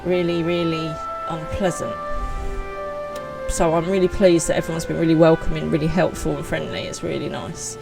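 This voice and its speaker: A woman's voice: deep voice, level tone, normal speed, vocal fry, music in the background, rough recording. A woman streaming live, chatting casually and with self-deprecating humor as she reads out messages from viewers. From United Kingdom.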